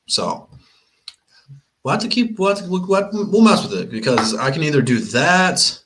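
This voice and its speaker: A man's voice: on the low side, a bit bright. A young man from Michigan hosting a live sports watch-party stream, chatting casually and rambling with plenty of restarts. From Flint, Michigan. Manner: rambling, chatty, laid-back, repeats himself. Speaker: sports livestream host.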